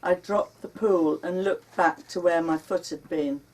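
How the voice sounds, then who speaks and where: Brief: woman author, live bookshop reading, deliberate pace, distant mic. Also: fairly low pitch, fairly even intonation, darkish tone. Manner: unhurried, dramatic when quoting her panicked self. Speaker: author reading her memoir. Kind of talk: live reading of memoir prose. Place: bookshop launch event. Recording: recorded from a distance.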